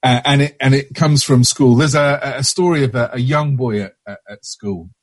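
A man's voice: medium pitch, husky, dry recording. A man preaching a sermon in a church, hesitant, with frequent restarts and fillers.

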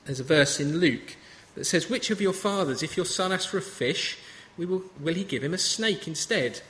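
A man in his thirties, his voice on the high side, fairly bright and expressive at normal speed, preaches in a chatty, story-telling manner. There's slight background noise plus the faint ambience of a reverberant hall.

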